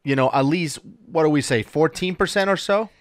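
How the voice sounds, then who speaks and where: A man's voice: a little high, a little fast, dry recording, clean studio sound. Patient male dive host. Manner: patient, explains step by step with lots of "right?". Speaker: dive instructor and podcast host. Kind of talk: casual explanatory chat.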